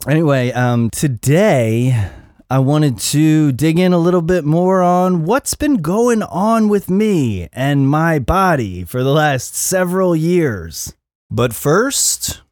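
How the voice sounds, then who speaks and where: A man's voice: a little high, lively intonation, slow, a little mellow, dry recording, clean studio sound. A middle-aged man hosting his own podcast in a casual, profane, self-mocking rant. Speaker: podcast host. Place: Los Angeles area.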